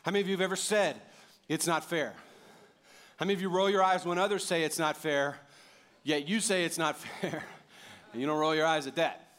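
A pastor in his thirties preaching a sermon, animated and jokey, rising to loud emphatic peaks. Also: fairly high pitch, fairly quick, long pauses.

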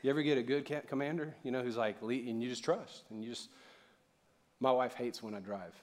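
A middle-aged man preaching a sermon in church, talking casually and joking, then building up to loud, fervent preaching. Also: medium pitch, steady tone, fairly quick. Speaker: pastor.

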